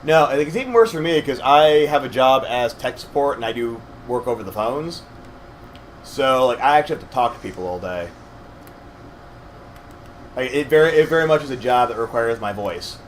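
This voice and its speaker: A young man walking his partner through a video game, his voice slightly scratchy and his tone mid-pitched. He explains things patiently and hedges his claims with self-deprecating asides. A faint hum runs underneath. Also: animated, moderate pace. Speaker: co-host gamer guiding his partner. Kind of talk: casual let's-play commentary.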